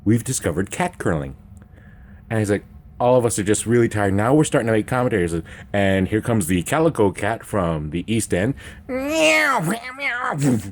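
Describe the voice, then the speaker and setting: A man telling a funny true story in a rambling, animated way, breaking into sudden high meows and sound effects. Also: fairly quick. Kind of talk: comedic personal storytelling.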